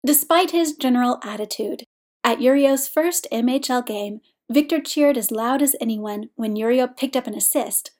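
Woman narrating a story, slightly high. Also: normal speed, a little mellow. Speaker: audiobook reader. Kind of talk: scripted narration.

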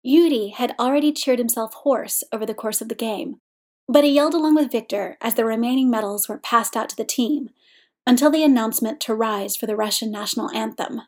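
A woman's voice: fairly high pitch, a little fast. Woman reading a story aloud. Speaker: narrator. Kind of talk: reading fan fiction aloud.

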